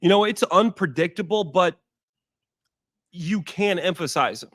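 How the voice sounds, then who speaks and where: A former pro football player, a man in his thirties, analyzes recent games in a relaxed, emphatic chat. His voice sits high for a man and comes across dry and close to the mic. He drives points home by saying them twice. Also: unhurried, dry recording. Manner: emphatic, repeats points for stress. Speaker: former NFL player, guest. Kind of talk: casual sports analysis chat.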